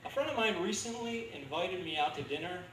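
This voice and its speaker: A man in his thirties doing a stand-up comedy set, delivering dark one-liners in a dry, deadpan manner. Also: high-pitched, brisk, a little hiss or hum. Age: 30s. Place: comedy club stage. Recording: echoey club recording from far off.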